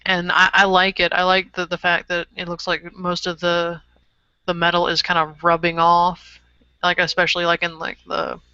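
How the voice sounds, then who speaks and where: Co-host chatting about minis, bright clear voice, pretty monotone, dry lo-fi sound. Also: medium pitch, moderate pace, no room sound. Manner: hesitant, many fillers and restarts. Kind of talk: casual chat reviewing miniature painting.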